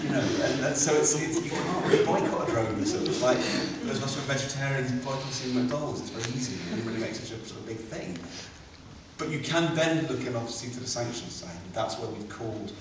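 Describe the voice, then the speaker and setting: A man speaks as a panelist in a measured way, pausing to pick his words, in a voice of middling pitch. The sound is lo-fi and taken from across a very echoey room. Room noise can be heard clearly behind him. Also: animated. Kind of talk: panel discussion talk. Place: large echoey room at a public event. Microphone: distant room mic. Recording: echoey, lo-fi, from far off.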